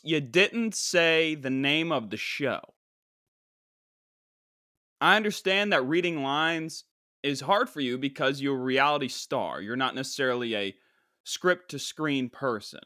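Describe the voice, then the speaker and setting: Podcast host, young man, animated comic disbelief, dry sound. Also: mid-range voice, no room sound. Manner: incredulous, animated, mock-exasperated. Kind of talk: casual comedic reaction.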